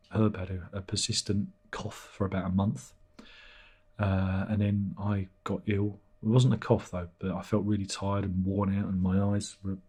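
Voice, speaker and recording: A man's voice: lowish voice, warm tone, husky. A man hosting a casual livestream chat, rambling and self-deprecating. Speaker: livestream host.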